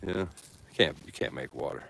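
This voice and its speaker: Deep-voiced laid-back man rambling outdoors. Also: fast, creaky, sharp tone, a little hiss or hum. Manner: laid-back, musing, talks to his dogs. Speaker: vlogger. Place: outdoors in nature with dogs.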